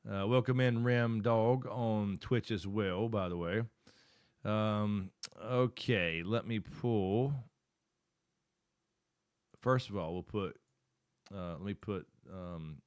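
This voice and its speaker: Middle-aged guy streaming from home, lowish voice, dry close sound, just rambling along as he clicks around. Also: steady tone, takes it slowly, clean tone, no echo. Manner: rambling and loose, thinking aloud while working the screen. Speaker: live-stream host. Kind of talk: casual live-stream chat.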